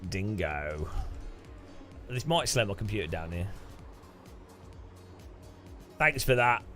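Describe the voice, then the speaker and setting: A male streamer chats loosely with his viewers, puzzled by their requests and laughing them off. His voice rises and falls a great deal as he talks. Soft music plays underneath. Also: lowish voice, sing-song, measured pace. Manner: bemused, chatty, laughs often and swears. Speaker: streamer host. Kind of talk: casual livestream chat while racing.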